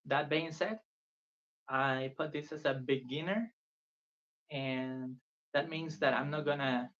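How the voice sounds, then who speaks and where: Brief: patient man leading a beginner live-stream lesson, speaks slowly, dull lo-fi audio. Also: on the high side, a bit bright. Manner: patient, earnest, repeats phrases for the viewer to copy. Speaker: Spanish tutor. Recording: dull lo-fi sound.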